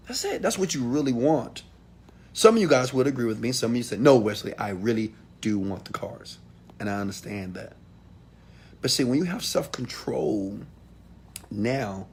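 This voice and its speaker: A man giving a motivational talk to an audience, preachy and direct, swinging from loud calls to hushed asides. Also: mid-range voice, breathy edge. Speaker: motivational speaker.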